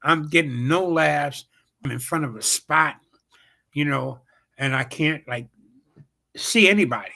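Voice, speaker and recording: Gravelly man telling a rambling story. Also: a little high, unhurried, pauses often, bright, forceful tone. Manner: rambling and profane, heavy on fillers and repeated "bam, bam". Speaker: comedian and show host. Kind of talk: casual storytelling on a livestream show.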